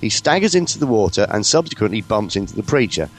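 A man from the UK co-hosting a comedy podcast, his voice swooping over a wide, lively range. He rambles along in a cheeky, casual banter, with faint music in the background. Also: fairly low pitch, quick pace. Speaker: podcast co-host.

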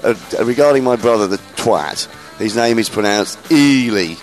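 A man's voice: mid-range voice, expressive, moderate pace, faint music behind. A man hosting a casual radio chat, enthusiastic and rambling, often restarting his sentences. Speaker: radio show host.

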